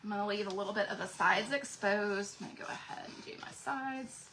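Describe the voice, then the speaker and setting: A woman's voice: mid-range voice, a little fast, noisy background. A woman hosting a casual crafting livestream, chatting to viewers as she works. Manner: chatty, addresses viewers as y'all.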